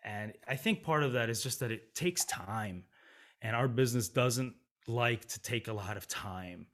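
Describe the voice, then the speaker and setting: A man, an opera singer and music writer, talking candidly as an interview guest, animated and quick to laugh. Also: mid-range voice. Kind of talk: casual interview conversation.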